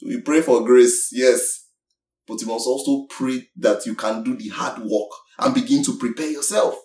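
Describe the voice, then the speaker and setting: An emphatic preacher teaching a congregation, repeating key points and swinging between raised and softened delivery. The voice sits at a middle pitch and rings around a roomy hall, heard from some distance off the mic. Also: normal speed. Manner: asks listeners for agreement. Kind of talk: sermon. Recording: echoey hall, voice from far off the mic.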